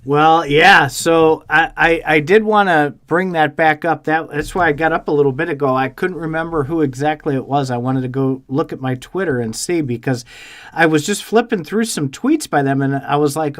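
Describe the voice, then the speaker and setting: A man co-hosting a podcast talks in a lively, storytelling way, swearing as he goes. His voice sits a bit high for a man. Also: moderate pace. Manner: animated storyteller, swears freely. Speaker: podcast co-host. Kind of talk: casual chat.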